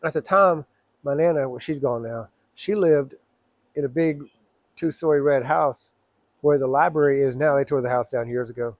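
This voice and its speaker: A middle-aged man telling a personal story, blunt and profane, rambling with frequent throat clearing. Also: mid-range voice, moderate pace, no room sound, highs cut off.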